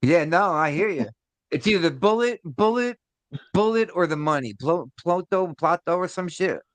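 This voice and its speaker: A man's voice: high-pitched, lively intonation, moderate pace, dry recording. Laid-back man with a dry sound. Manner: laid-back, laughing, reactive listener. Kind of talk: casual chat.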